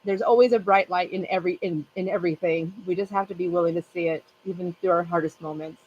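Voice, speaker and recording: A woman's voice: on the low side, fairly even intonation, fast, a little mellow, highs cut off, a little hiss or hum. A woman in her fifties hosting a craft channel, chatting casually with her livestream viewers in a rambling way and laughing often.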